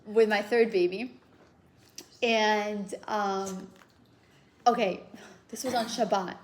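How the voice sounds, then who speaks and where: A woman in her thirties teaching a workshop, telling a personal story in a casual, animated way with lots of fillers. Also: medium pitch, takes it slowly. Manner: animated, laughing through the story, many fillers.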